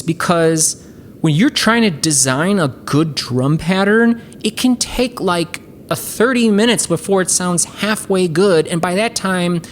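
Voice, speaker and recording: A woman with a low voice hosts a casual music-software tutorial. She talks chattily and enthusiastically, padding her sentences with fillers. A faint hiss runs under her voice. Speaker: host.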